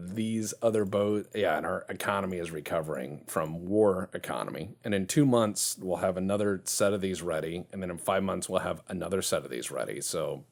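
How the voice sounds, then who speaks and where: A man's voice: low-pitched, gravelly. A man hosting a casual video game commentary, cracking jokes and laughing often. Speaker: game streamer.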